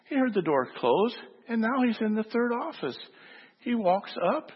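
Husky-voiced man preaching a sermon. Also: very high voice, big pitch swings, normal speed, long reverb tail, lo-fi sound. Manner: storytelling, acts out voices in the anecdote. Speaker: pastor. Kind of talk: sermon with an illustrative story.

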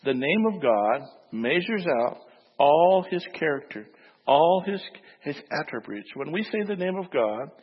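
A man's voice: a little high, big pitch swings, measured pace, breathy edge, big-room sound, muffled recording. A man preaching a sermon, telling a story and acting out its voices before making his point. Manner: storytelling, acts out voices in the anecdote. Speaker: pastor.

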